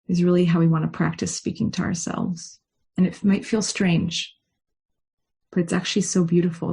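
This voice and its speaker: Woman rabbi talking folks thru a meditation, soft and gentle, husky with a bit of gravel. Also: fairly low pitch. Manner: gentle, unhurried guiding tone. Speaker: rabbi leading a study session. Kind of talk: guided meditation and teaching.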